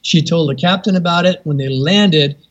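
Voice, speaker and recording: A man's voice: fairly high pitch, moderate pace, dull audio. A man, a veterinarian and guest, telling a funny story in a podcast interview, raising his voice to act out the people in it. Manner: animated storyteller, voices characters in raised tones.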